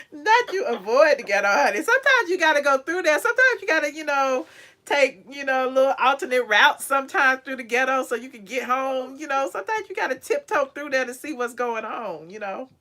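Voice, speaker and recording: A woman hosting a casual live chat with callers, sassy and quick to laugh. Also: sits high, animated, pushed and bright. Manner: sassy, laughs often, drawn-out "child". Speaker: channel host.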